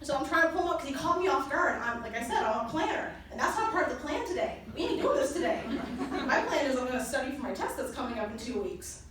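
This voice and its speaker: A young woman giving a motivational convention talk, telling personal stories in a lively way and laughing often. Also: sits high, quick pace. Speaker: presenter at a company convention. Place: large conference hall. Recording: echoey hall from far off, noisy.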